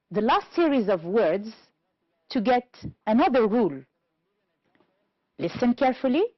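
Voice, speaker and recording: A woman from Algeria teaching an English lesson on television, speaking slowly and clearly and stressing each word for learners. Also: mid-range voice, dry recording, lo-fi sound. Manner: slow, clear teacherly delivery, stressing words.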